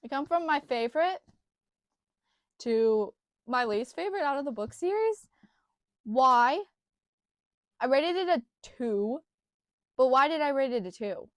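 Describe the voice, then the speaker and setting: A woman's voice: high voice, animated, measured pace, long pauses, dry recording, clean studio sound. A young woman giving a casual book review, gushing and earnest, often circling back on her words.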